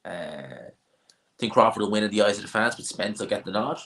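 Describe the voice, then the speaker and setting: A man's voice: on the low side, lively intonation, fairly quick, fairly bright tone. A man with a North Dublin accent hosting a casual livestream, answering viewer questions with blunt, offhand opinions and frequent restarts. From Ireland. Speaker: livestream host.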